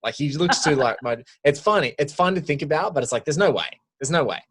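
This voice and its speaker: A man from the Virgin Islands co-hosting a casual film podcast, playful and animated, dropping into quiet asides. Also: fairly high pitch, fast, breathy edge. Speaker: podcast co-host.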